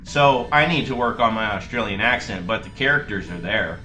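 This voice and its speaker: Lively, bright-voiced male gaming host. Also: fairly low pitch, moderate pace. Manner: rambling, jokey asides. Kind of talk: casual gameplay commentary. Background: faint game music.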